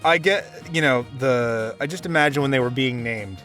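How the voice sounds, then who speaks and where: A man's voice: mid-range voice, soft background music. A man chatting and joking with friends while they play through a game together. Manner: jokey, animated, quick to laugh. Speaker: let's play co-host. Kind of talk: casual group chat over a game.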